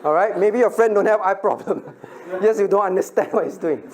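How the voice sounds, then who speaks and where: A man's voice: high voice, brisk, a little mellow. A middle-aged male pastor leading a children's Bible lesson, asking questions, laughing often and acting out little scenes.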